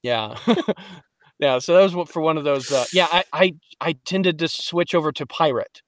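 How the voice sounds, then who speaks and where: A man from Detroit, a voice actor guest on a podcast, telling lively stories in casual chat and slipping into quick voices. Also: a little high, slight background noise. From Detroit, Michigan. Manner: animated storyteller, slips into quick voices.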